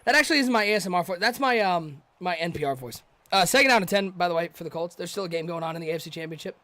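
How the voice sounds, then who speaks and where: A man doing chatty, excitable play-by-play commentary for a live stream, joking with viewers in chat. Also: high voice, rapid-fire, no room sound.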